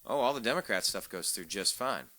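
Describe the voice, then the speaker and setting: Brief: man, radio talk host, bright edgy tone, sarcastic rant with stumbling repeats. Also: fairly low pitch, animated, a little fast, dry recording. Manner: sarcastic, ranting, repeats words when fired up. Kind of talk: political talk radio monologue.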